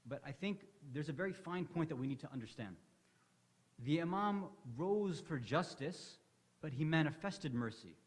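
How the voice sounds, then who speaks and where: A man giving a religious lecture in a conversational storytelling way, acting out the lines of the people in his stories. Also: a little high. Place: hall of an Islamic center. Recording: long reverb of a hall.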